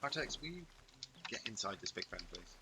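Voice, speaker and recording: A man's voice: on the low side, sing-song, a little fast. Guy rambling thru a game playthrough, casual chat, noisy mic, keys clicking. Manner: rambling, chatty asides. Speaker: host. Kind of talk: casual gameplay commentary.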